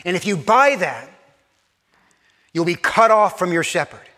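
A male pastor delivers an earnest sermon in a high, bright voice. He presses hard on his points, then sinks to a hushed, soft delivery. His voice rings out with the long reverb of a large church hall. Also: very animated, a little slow. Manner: earnest preaching, rising emphatic then dropping to hushed soft tones.

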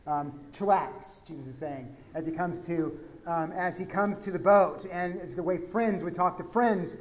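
A man from Texas, a pastor, preaching a conversational sermon that swings from quiet asides to loud, emphatic peaks. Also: high-pitched, moderate pace.

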